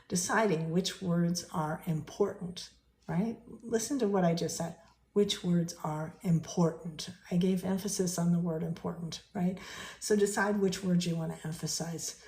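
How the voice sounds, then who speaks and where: A woman's voice: lowish voice, warm tone. A woman, an English professor giving a chatty live-streamed lesson from her home kitchen, often asking viewers questions. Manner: chatty, asks viewers questions, many fillers and restarts. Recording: echoey kitchen.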